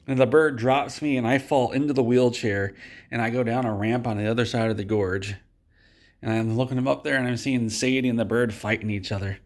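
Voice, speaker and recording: A man telling an absurd tall tale to his viewers, deadpan and rambling with restarts. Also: medium pitch, a little fast. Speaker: video host.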